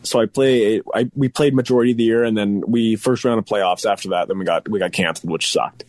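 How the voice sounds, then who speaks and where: A man's voice: on the low side, fairly quick, a little mellow, no room sound. A young man with a Canadian accent, a hockey player guesting on a podcast, talking in an easygoing, laughing, self-deprecating way. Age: young adult. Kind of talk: casual podcast interview.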